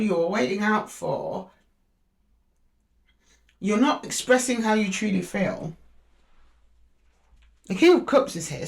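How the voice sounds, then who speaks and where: Woman giving a hesitant tarot reading. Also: mid-range voice. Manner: talks to the zodiac sign directly, thinking aloud; hesitant, with frequent restarts while drawing cards. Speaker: tarot reader.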